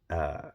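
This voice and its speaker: A man's voice: extremely low pitch, mellow, husky, no room sound. A man talking candidly as a parenting vlogger, earnest, repeating phrases for emphasis. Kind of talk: candid personal monologue.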